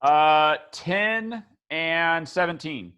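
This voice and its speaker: A man with a voice pitched a bit high runs a tabletop session as game master. He talks in an easy, unhurried way, filling pauses with ums and uhs as he works out rolls and rules. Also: highs cut off, slight background noise. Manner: relaxed, filler-heavy, thinks aloud.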